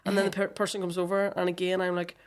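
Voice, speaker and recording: A woman's voice: fairly low pitch, little pitch movement, quick pace. A woman chatting casually on a podcast, self-deprecating and talkative.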